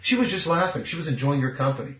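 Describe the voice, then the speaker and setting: A man's voice: fairly high pitch, sing-song, fast talker. A man talking as a dating coach in an interview, cocky and emphatic. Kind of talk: casual interview talk. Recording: echoey, muffled lo-fi recording.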